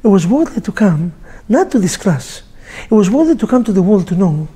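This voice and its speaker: Animated rabbi, a man with a mellow voice. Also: high-pitched, a little fast, breathy edge. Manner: animated storyteller, joking, with sound effects. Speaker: rabbi teaching a class. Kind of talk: lively sermon to a live group.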